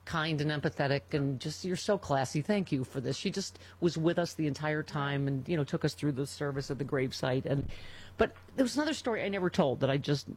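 A woman's voice: deep voice, a little fast, a little mellow, a little hiss or hum. A middle-aged woman hosting a talk radio show, telling a personal story in a casual, emotional way and reading ads.

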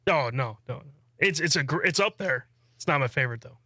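An easygoing man co-hosting a radio talk show in a loose, laughing manner. His voice sits a bit high and sounds bright. It is recorded close and dry. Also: lively intonation, brisk, slightly rough, no echo.

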